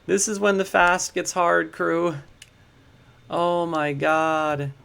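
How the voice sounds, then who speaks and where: A young man chatting excitedly to his viewers while building in a game, slangy and easily distracted. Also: fairly high pitch, slow pace, gravelly, clean tone. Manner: chatty, hyped, slangy, talks to chat as crew. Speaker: game streamer. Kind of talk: casual livestream commentary.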